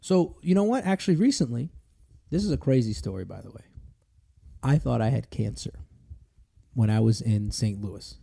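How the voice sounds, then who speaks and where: Animated, swearing man telling a story. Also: mid-range voice, normal speed, gravelly. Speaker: podcast host. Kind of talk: casual chat, storytelling.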